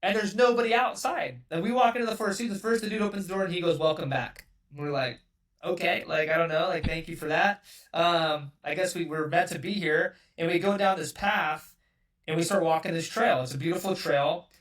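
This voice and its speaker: With a high, brisk, somewhat bright voice, a man from California rambles loosely through a story on a podcast where he's a guest. He swears a lot and fills every gap with "like," and he's far from the mic.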